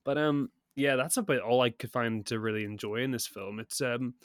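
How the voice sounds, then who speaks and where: A man's voice: medium pitch, normal speed, dry recording, clean studio sound. Man rambling through a film review. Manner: rambling, laughs often, many restarts. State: sick. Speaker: podcast co-host. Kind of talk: casual film review chat.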